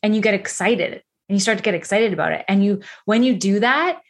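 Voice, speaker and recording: A woman in her thirties giving a candid, energetic motivational talk as a coach, full of casual fillers. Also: mid-range voice, fairly quick.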